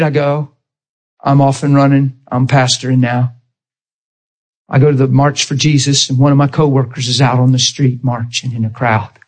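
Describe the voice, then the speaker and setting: A man, a pastor, telling a personal testimony in a sermon, animated and leaping into high excited exclamations. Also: normal speed. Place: church sanctuary.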